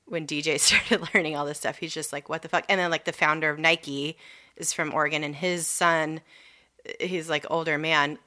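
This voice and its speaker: A woman's voice: sits low, steady tone, normal speed, pushed and bright. A woman in her thirties chatting casually, telling a rambling story full of fillers. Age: 30s. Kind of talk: casual chat.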